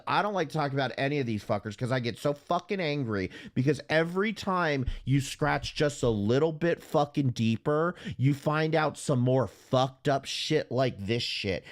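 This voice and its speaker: A man hosting a livestream commentary, ranting furiously with heavy profanity and stammering restarts when worked up. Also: medium pitch. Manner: furious, heavily profane, blunt. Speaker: streamer host.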